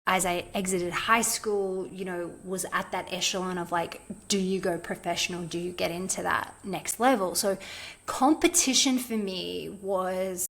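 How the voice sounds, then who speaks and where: A woman's voice: fairly low pitch, a little slow. A woman guest on a podcast, telling a personal story in a casual, chatty way, with lots of "like" fillers. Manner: chatty, frequent "like" fillers, animated retelling.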